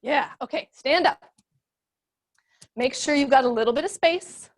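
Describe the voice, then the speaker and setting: This is a young adult woman guiding children through a yoga class. Her voice sits high, and she keeps the cues playful, encouraging and sing-song. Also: a little slow. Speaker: kids yoga teacher. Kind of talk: guided kids yoga class.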